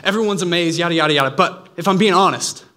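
A man's voice: sits high, fast, sharp tone. A man preaching a sermon in an earnest, conversational way, slipping in playful asides.

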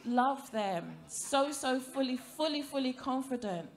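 A woman works a theatre crowd through a stand-up set. Her voice sits a little high and her delivery stays playful and chatty, full of questions thrown at the audience. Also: lively intonation, measured pace. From African heritage, grew up in Britain. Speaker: stand-up comedian. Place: theatre stage before a live audience.

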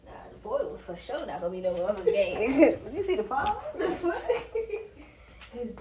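A woman's voice: a little high, very animated, unhurried, reverberant, far from the mic, a crowd in the background. A young woman vlogging casually in a doctor's office, teasing and joking in profane slang and sing-song baby talk. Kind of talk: casual vlog chat.

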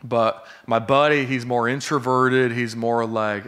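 A man's voice: medium pitch, unhurried, clean tone. Casual, conversational man preaching a sermon. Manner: casual and conversational, with many fillers and tag questions; gets excited and laughs while joking. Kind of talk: sermon with a story.

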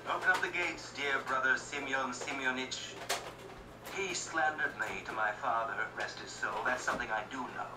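A man's voice: mid-range voice, normal speed, very noisy, lightly acted. A man playing a brash, impatient young man who talks bluntly and scornfully. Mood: boastful. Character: brash young merchant's son, rough, impatient. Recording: roomy echo, distant mic, music behind.

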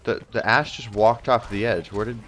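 A young man gaming with friends over voice chat, reacting loudly and laughing. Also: fairly low pitch, steady tone, normal speed. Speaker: gamer.

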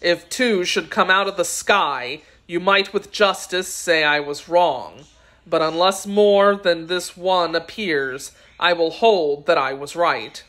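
A woman voicing a cold, stubborn male sorcerer in a storybook, speaking slowly and flatly. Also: on the low side. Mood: smug. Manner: slow, flat, stubborn. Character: slow cold thorny male sorcerer, smug.

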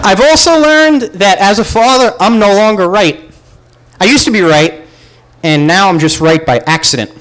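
A man telling a comic personal story live at a pub show, animated and self-mocking, acting out the voices he quotes. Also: high-pitched, normal speed, poor audio. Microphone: far camera.

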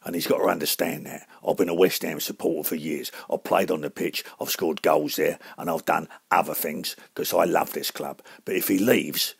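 A man voicing a gruff, menacing tough-guy actor with a Cockney London accent, talking low and slow. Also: fairly even intonation, dry recording, clean studio sound, heavily acted.

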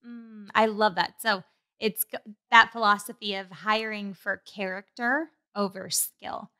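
Bright, affirming woman podcast host. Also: medium pitch, fairly even intonation, measured pace, smooth. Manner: affirming, encouraging, casual. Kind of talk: faith-centered podcast interview.

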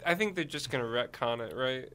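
A male podcast co-host chatting casually at a middle pitch. He talks in a relaxed, conversational way. He slips in dry, wry quips. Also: brisk. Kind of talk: casual chat.

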